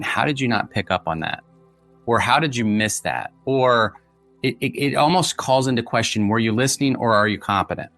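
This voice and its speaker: A man's voice: on the low side, a bit bright, dry recording. A middle-aged man, a guest author and former polygraph examiner, explaining at length in a conversational interview, with frequent restarts.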